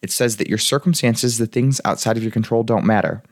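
A man's voice: medium pitch, steady tone, brisk, no echo, clean studio sound. A young man, a life coach, hosting his podcast in a chatty, rambling way, laughing often and saying "like" a lot. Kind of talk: casual solo podcast talk.

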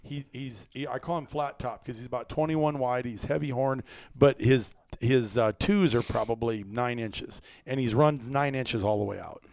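A man's voice: medium pitch, moderate pace, gravelly, few pauses, dry recording. A man hosting a hunting chat, telling stories with lots of laughs and quoted voices. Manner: excited storyteller, laughs often, acts out quotes. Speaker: hunting podcast host. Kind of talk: casual storytelling chat.

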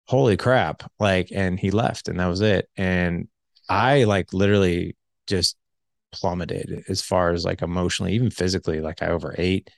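A man's voice: deep voice, fairly even intonation, moderate pace, gravelly, dry recording, studio quality. A man in his forties candidly telling his life story in casual conversation, full of "like" fillers. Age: 40s. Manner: candid, heavy use of filler "like".

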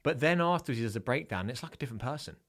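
A man's voice: medium pitch, animated, very fast, fairly bright tone. A man hosting a podcast, talking casually and hesitantly with many restarts.

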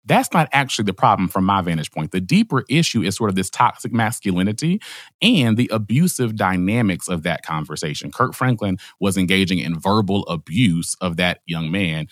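Lively male podcast co-host, expressive pitch swings, dry room. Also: normal speed, no room sound. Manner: animated, laughing, acts out quotes in a high voice. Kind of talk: casual chat.

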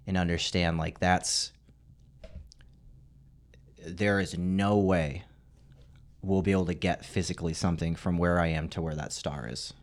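Man, very low voice, podcast co-host, rambling reflective chat, laughs easily. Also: steady tone, measured pace, pauses often. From Arizona. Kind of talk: casual chat.

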